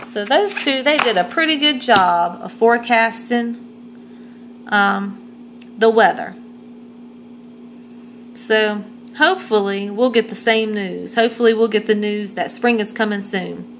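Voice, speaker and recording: A woman reading a children's picture book aloud, adding gentle asides for young listeners. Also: medium pitch, unhurried, long pauses, slight background noise, low-quality recording. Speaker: storytime reader.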